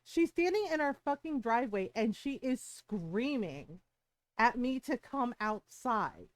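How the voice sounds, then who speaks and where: Animated, profane woman streamer telling a story. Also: fairly high pitch, unhurried, no room sound. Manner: animated, profane, acts out what people said. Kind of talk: casual storytelling to a live stream.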